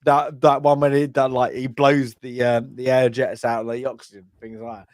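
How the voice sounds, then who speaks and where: A man's voice: medium pitch, flat delivery, normal speed, no echo. A man co-hosting a casual film review chat, rambling and acting out lines from scenes with bursts of laughter. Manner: rambling, acts out characters' lines loudly with laughs. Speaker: film podcast co-host.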